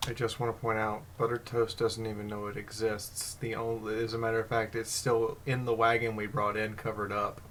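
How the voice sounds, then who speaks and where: Low-voiced man player, stammering. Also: monotone, fairly quick, hardly any pauses, noisy background. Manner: earnest, stammering when making a point. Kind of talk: casual tabletop game play.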